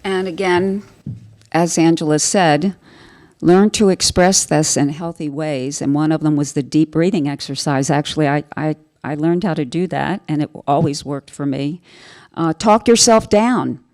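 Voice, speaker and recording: A woman with a fairly low voice speaks on a panel for carepartners. She talks earnestly and reassuringly, circling back and repeating phrases to drive a point home. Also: moderate pace, darkish tone. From Italian family background.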